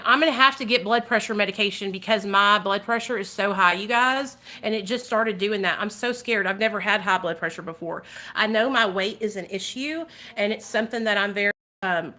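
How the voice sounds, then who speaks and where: A woman's voice: medium pitch, fairly quick, pushed and bright. A woman vlogger talking casually and animatedly to her viewers, swearing freely and addressing them directly. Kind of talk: casual livestream commentary.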